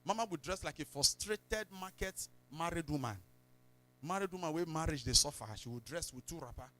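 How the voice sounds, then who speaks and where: A man with a Nigerian accent preaching a sermon in church, telling stories, slipping into pidgin and breaking into sudden shouts. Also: on the high side, fairly quick. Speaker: pastor.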